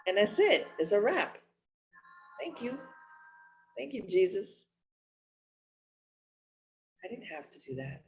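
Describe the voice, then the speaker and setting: A woman's voice: medium pitch, very animated, takes it slowly, pauses often, rough recording. A woman preaching a raw, emotional sermon, candid and searching for words. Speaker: spiritual leader. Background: music.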